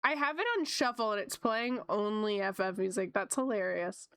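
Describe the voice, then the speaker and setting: A woman art streamer chatting casually with her viewers, upbeat and laughing often, her voice jumping high when excited, with a slight cough from a coming sore throat. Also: normal speed, clean tone, no room sound, studio quality. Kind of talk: casual chat with live chat viewers.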